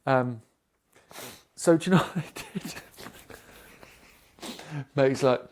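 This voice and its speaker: A man's voice: medium pitch, takes it slowly, slight background noise. A man from Britain, a podcast co-host in casual chat, telling stories animatedly with lots of swearing and acted-out dialogue.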